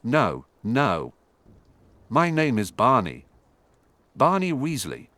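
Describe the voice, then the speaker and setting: A man's voice: medium pitch, wildly swooping pitch, takes it slowly, sharp tone, no echo, exaggerated voice. A man voicing a mischievous teenage boy wizard who bluffs eagerly through a poor disguise. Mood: bluffing.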